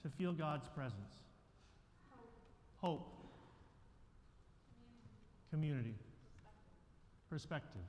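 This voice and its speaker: A man leading a church service as pastor, calm and inviting as he prays and preaches. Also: fairly high pitch, extremely slow, long pauses. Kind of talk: sermon and prayer. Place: church sanctuary. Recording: reverberant church with faint room noise.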